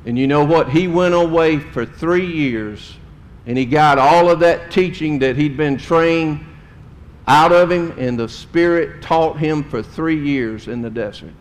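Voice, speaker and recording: A middle-aged man preaching a sermon to his congregation, speaking emphatically and swelling louder and higher on key points. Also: a little slow. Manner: addresses the congregation directly. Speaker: pastor. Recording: long hall reverb.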